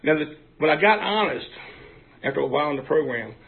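A man's voice: a little high, lively intonation, a little fast, vocal fry. A man giving a frank, folksy recovery testimony, full of fillers. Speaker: speaker sharing at a recovery meeting. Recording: tinny phone-like recording, faint hiss.

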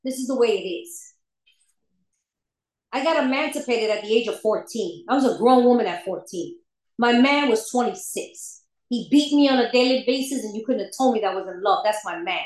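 Woman, recovery share, candid storyteller with ready laughter, high pitch, echoey room. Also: expressive, normal speed. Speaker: speaker sharing at a recovery meeting. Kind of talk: personal recovery testimony.

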